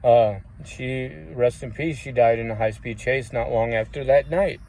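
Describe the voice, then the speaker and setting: A man's voice: medium pitch, fairly even intonation, normal speed, a little mellow, slight background noise. A man vlogging, telling rambling personal stories in a casual way, swearing often and using many fillers. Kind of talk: casual storytelling.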